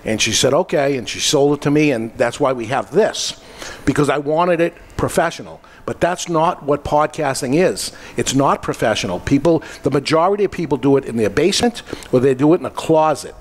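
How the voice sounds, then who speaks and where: A man's voice: fairly high pitch, lively intonation, fairly quick. A man who runs a podcast studio, chatting at a panel and telling a story, acting out the quoted lines. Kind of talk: casual panel talk.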